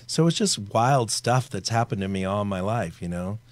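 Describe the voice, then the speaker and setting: A man telling stories as a guest on a talk show, speaking in a practiced, low radio-announcer manner. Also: animated, normal speed. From Virginia, USA. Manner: talkative storyteller with a trained announcer's voice. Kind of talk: casual interview chat.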